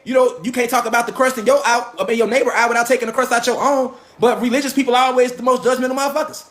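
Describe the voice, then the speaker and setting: A man's voice: very high-pitched, a bit bright. A man in a profane, confrontational ranting monologue, firing rhetorical questions. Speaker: commentator.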